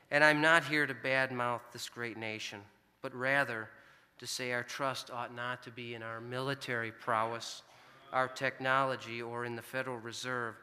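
A man's voice: medium pitch, bright, forceful tone. A middle-aged American man preaching a sermon, telling a family story in an earnest, conversational way. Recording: long hall reverb.

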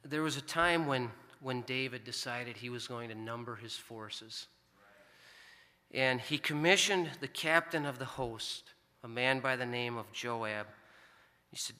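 A man's voice: medium pitch, unhurried, sharp tone. A middle-aged American man preaching a sermon, telling a family story in an earnest, conversational way. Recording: long hall reverb.

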